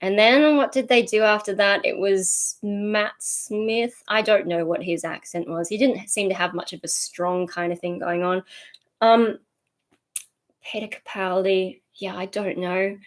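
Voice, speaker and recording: A woman's voice: mid-range voice, fairly even intonation, a little slow. A young Australian woman chatting casually on a livestream, rambling and easily sidetracked as she reads and answers viewer comments.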